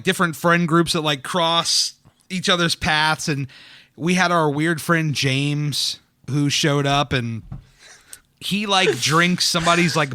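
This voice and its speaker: A man's voice: on the high side, bright, forceful tone, no echo. A man, hosting a casual podcast chat, rambling and self-deprecating with frequent laughs. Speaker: podcast host. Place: dining room.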